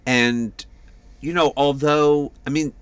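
A man's voice: a little high, steady tone, slow, clean tone, dry recording. A man co-hosting a casual podcast chat, talking with frequent fillers and restarts. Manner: chatty, hesitant with many fillers. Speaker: podcast co-host.

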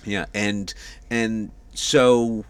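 Chatty man with a low voice. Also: little pitch movement, drawn-out words, clear, resonant tone. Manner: chatty, hesitant with many fillers. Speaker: podcast co-host. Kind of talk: casual chat.

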